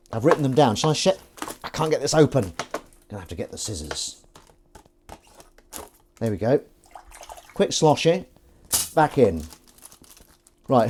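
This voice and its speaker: A man chats playfully to his live-stream viewers from his kitchen sink as he washes up. His voice is mellow and dark in tone, yet it swings freely up and down, often jumping into sing-song bits. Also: mid-range voice, slight background noise. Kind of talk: casual live-stream chat while washing up.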